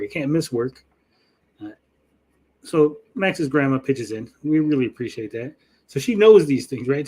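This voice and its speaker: On his casual podcast, a middle-aged male host spins a profane, animated story, performing the quoted lines himself. His voice sits at medium pitch with a breathy edge.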